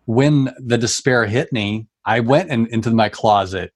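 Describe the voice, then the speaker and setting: A man sharing a personal faith testimony in conversation, earnest and emotional, often halting and restarting as he speaks. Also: medium pitch, no echo, studio quality.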